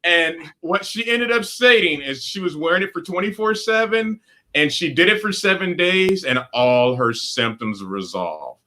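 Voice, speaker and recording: Male physician host, chatty and joking, lively bright tone. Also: a little high, moderate pace, a little hiss or hum. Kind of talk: casual interview.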